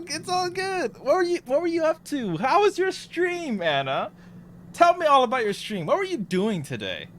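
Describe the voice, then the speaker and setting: Jumpy, high-pitched man streaming a horror game. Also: slight background noise. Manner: jumpy and excitable, swearing and yelping when scared. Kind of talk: casual live-stream chat while playing a horror game.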